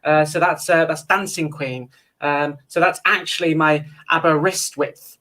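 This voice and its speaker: A British woman playing in an online pun contest, setting up her puns with a deadpan build-up. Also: low-pitched, unhurried. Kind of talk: casual comedy chat.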